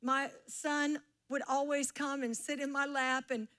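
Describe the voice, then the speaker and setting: Woman, middle-aged, pastor, sermon, high-pitched, call-and-response with congregation. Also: flat delivery, measured pace. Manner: warm teaching tone with audience call-and-response.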